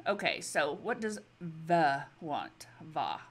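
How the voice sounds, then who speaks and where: A woman's voice: medium pitch, lively intonation, unhurried, pushed and bright. A woman giving casual let's-play commentary, chatty and exasperated as she pleads with the characters in her game. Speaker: gaming video creator.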